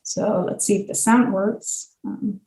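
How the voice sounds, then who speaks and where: A woman of middle pitch gives an academic lecture, walking listeners through examples one step at a time. Her talk is patient and full of small ums and uhs. The sound rings around an echoey room. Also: fairly even intonation, a little slow, gravelly, mellow. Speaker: linguistics professor giving a guest talk.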